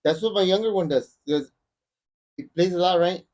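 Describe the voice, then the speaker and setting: A middle-aged man talks in a relaxed, rambling manner, his voice sitting a little high for a man. He keeps things loose with frequent asides as a podcast guest. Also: normal speed, muffled recording. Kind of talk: casual chat.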